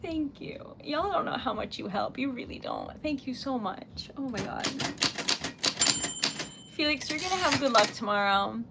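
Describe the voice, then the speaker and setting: A giggly, chatty woman talks straight to her viewers in a relaxed live-stream manner. Her voice sits a bit high. Steady typewriter clacking runs loudly behind her. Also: normal speed, vocal fry, very noisy. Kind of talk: casual live-stream chat while typing. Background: typewriter keys and bell.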